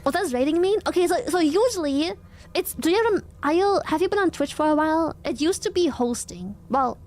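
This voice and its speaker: Female streamer, high pitch, excitable and chatty. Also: fairly quick. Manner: bubbly, excitable greetings, explaining. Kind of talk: casual stream chat.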